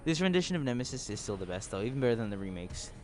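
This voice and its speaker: A man's voice: mid-range voice, big pitch swings, very fast, a little hiss or hum. A man commenting on a game during a livestream, chatty and rambling, laughing often. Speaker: streamer.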